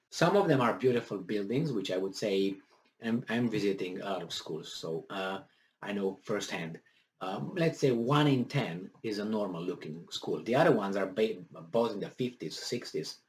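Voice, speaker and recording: A man's voice: on the low side, a little hiss or hum. A man talking to his viewers in a casual, indignant political commentary, rambling with many fillers.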